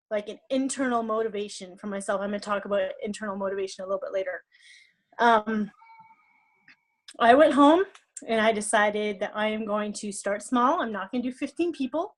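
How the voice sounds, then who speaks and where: A woman on a team call, telling a personal story about stage fright, fast and emotional, often repeating words. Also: a little high. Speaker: network marketing team leader. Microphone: call or stream mic.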